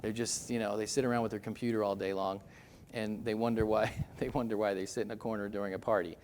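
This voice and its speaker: A man's voice: on the low side, flat delivery, fast, a little mellow, a little hiss or hum. A middle-aged man giving a motivational seminar talk, chatty and self-deprecating, telling stories to the room. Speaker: seminar speaker.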